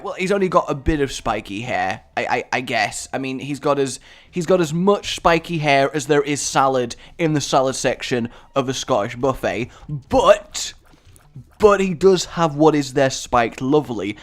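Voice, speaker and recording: A young British man giving jokey, excitable commentary over a video game from a home setup, with sudden loud outbursts. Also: fairly high pitch, a little slow. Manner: excitable, jokey, sings and puts on voices. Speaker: gaming commentator. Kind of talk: let's play commentary.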